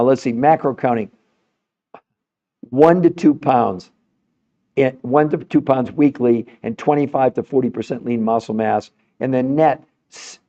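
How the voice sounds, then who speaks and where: A man's voice: medium pitch, dark tone. A man hosting a podcast, talking to his viewers in an emphatic, insistent way, often repeating his words, and straining his voice. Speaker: podcast host. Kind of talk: impassioned livestream talk to viewers. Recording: dull lo-fi sound.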